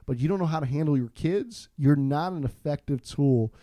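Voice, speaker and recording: A man from Florida, a podcast guest, telling a story in a casual, animated, self-deprecating way with frequent restarts. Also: a little high, normal speed, dry recording.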